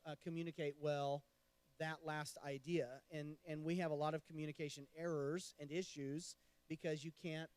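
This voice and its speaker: A man who counsels couples adds his points to a church marriage class, telling animated stories with mock exasperation. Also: fairly high pitch, clear, resonant tone, dry recording.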